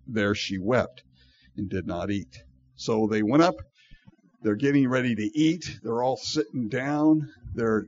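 Man, pastor, folksy sermon, husky voice, dull lo-fi recording. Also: mid-range voice, darkish tone. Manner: folksy, conversational, with asides and laughter.

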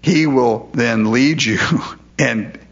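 Drawing out his words, a man with a medium-pitched voice preaches an expository sermon verse by verse. As a pastor he keeps it conversational and frequently asks rhetorical questions. The audio has its highs cut off.

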